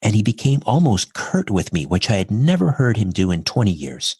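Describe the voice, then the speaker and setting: A middle-aged man with a very low, husky voice recounts a personal story in conversation. He talks in an earnest, reflective way, walking through events step by step. The recording is dry and close. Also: very animated, a little fast, a little mellow, no echo. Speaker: podcast guest.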